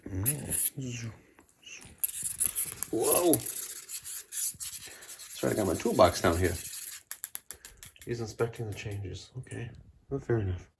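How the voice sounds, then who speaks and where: A man's voice: fairly low pitch, animated, takes it slowly, creaky, long pauses, slight background noise. Man cooing sing-song baby talk to his cat. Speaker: pet owner filming his cat. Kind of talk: casual baby talk to a pet. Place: home indoors.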